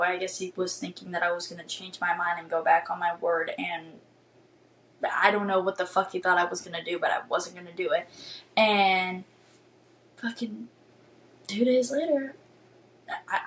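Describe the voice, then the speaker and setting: A woman's voice: on the low side, moderate pace, slight background noise, low-quality recording. A young woman in her twenties hosting a podcast, telling a dating story in a blunt, emphatic rant full of swearing and "like" fillers. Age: 20s. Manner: emphatic, animated rants. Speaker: podcast host. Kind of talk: casual storytelling monologue.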